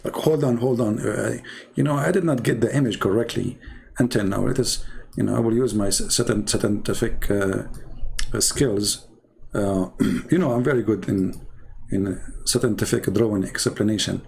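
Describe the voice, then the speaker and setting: Gravelly sarcastic man mocking. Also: on the low side, moderate pace, a little mellow, slight background noise. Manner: non-native English grammar. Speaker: commentator. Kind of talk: mocking commentary while drawing on screen.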